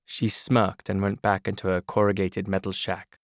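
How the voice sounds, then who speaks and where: Calm male audiobook narrator, dry booth. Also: low voice, normal speed, hardly any pauses, no room sound. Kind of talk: scripted narration.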